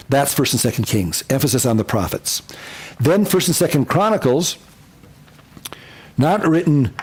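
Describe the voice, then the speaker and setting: A pastor teaching a Bible survey class, lively and repeating key points, sometimes acting out quotes in funny voices. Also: male voice, medium pitch, husky. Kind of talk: lecture.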